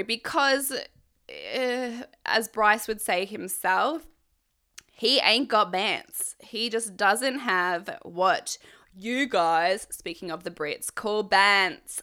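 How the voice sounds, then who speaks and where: A woman's voice: medium pitch, pushed and bright. A young woman recapping a reality show in a casual, sarcastic, swearing manner. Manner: irreverent, sarcastic, swears freely. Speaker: recap vlogger.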